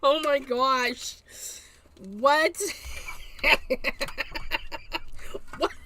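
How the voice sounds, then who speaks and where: A woman's voice: sits high, fairly even intonation, extremely slow, sharp tone, a little hiss or hum. A woman hosting a live card-making tutorial, chatting and joking to herself as she works. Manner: chatty, jokey, talks to herself while working.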